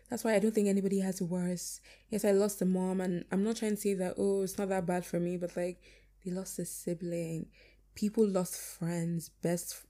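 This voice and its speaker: A young woman speaks candidly and reflectively, full of casual fillers, in a low, gravelly voice with a mellow, dark tone. Her voice cracks as if she is near tears. The talk is personal and unscripted.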